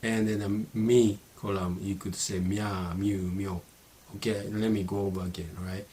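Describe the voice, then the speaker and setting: A middle-aged man from Japan with a Japanese accent, whose first language is Japanese, teaching a casual spoken lesson and pausing often with "you know" and "uh". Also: fairly low pitch, flat delivery, mellow, husky. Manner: halting, many fillers like "you know" and "uh".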